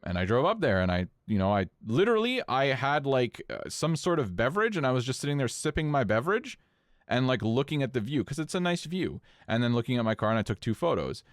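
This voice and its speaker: Male podcast co-host, lively pitch, dry close sound, storytelling with casual swearing. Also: fast talker, no echo. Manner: animated, swings pitch up when incredulous, swears casually.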